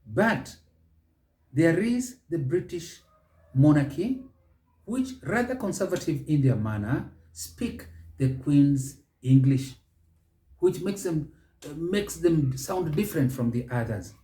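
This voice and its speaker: A man with a Kenyan accent hosting a pronunciation lesson, speaking slowly and deliberately and stretching key words. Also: a little high, animated, warm tone. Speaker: show host and English pronunciation teacher. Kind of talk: measured spoken lesson. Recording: echoey room.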